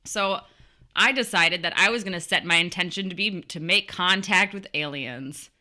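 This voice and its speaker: A young adult woman telling a spooky story as a podcast guest, animated and laughing often. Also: fairly low pitch, normal speed. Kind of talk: casual storytelling chat.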